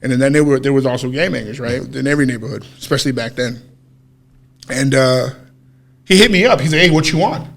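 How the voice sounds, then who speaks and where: A man's voice: medium pitch, fast talker, gravelly. A man casually telling a long personal story on a podcast, swearing freely and acting out what people said. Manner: animated, profane storytelling with acted-out quotes. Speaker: podcast co-host.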